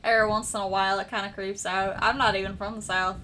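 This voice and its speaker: Bright, chatty young Midwestern woman. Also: medium pitch, little pitch movement, fast talker, slight background noise. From American Midwest. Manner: chatty and rambling, talks to her chat. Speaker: author livestreaming her editing. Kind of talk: casual livestream chat.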